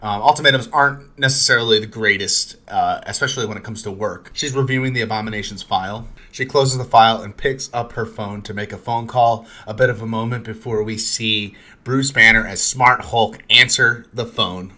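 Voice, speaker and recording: A man's voice: fairly low pitch, fairly quick, hardly any pauses, sharp tone. A man hosting a casual recap of a TV episode, retelling scenes with chatty asides and fillers. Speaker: podcast host recapping a TV episode.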